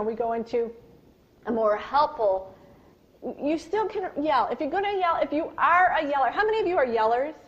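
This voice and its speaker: A woman leads a live parenting workshop with an animated storytelling manner and questions for the room. Her voice sits fairly high. It comes through on a dull, lo-fi recording. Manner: acts out yelled lines in a high, loud voice. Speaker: parenting and communication speaker. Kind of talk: live workshop talk with personal stories.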